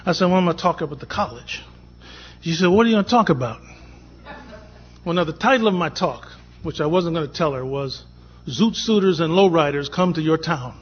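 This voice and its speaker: This Boston man's voice sits fairly high and moves along quickly and animatedly, with a little hiss or hum in the background. He's sharing an anecdote on a conference panel, voicing each line of quoted dialogue himself, and the conference audio is dull and lo-fi.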